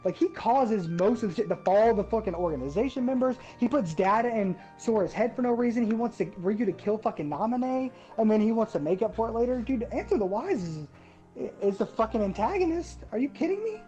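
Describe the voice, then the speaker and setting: A woman with a mellow, warm voice rants in a casual gaming chat and swears constantly. She talks with fired-up, animated disbelief. Faint music plays behind her. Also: a little high, a little fast, muffled recording. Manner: profane, ranting, animated. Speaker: gaming podcast host.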